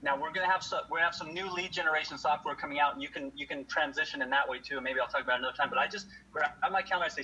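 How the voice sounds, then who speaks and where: High bright-voiced male sales trainer. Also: quick pace. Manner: energetic, acts out customer dialogue. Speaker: solar sales presenter. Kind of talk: training talk to sales team. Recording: slightly dull audio, faint noise.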